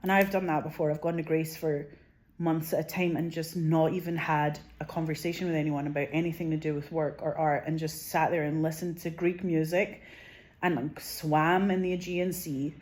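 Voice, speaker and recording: A woman in her forties with a notably low voice talks straight to her viewers, drifting from thought to thought. Her speech is loose and unpolished, peppered with swearing and a constant stream of "like" and "you know what I mean.". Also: a little mellow. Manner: rambling and profane, heavy use of "like". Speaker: vlogger. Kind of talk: casual rambling monologue.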